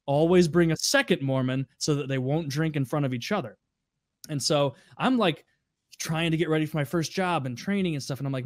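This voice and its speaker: A man's voice: a little high, brisk, no echo, studio quality. Profane man telling wry stories. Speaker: podcast regular. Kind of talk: casual storytelling.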